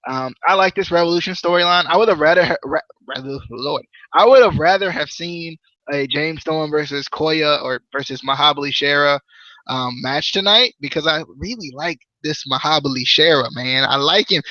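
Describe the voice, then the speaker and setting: A male podcast host reviewing a wrestling show in a loose, joking, rambling chat. His voice is bright and forceful, fairly high. The mic sounds dull and dry. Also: fairly quick, no room sound. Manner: animated, jokey, rambling.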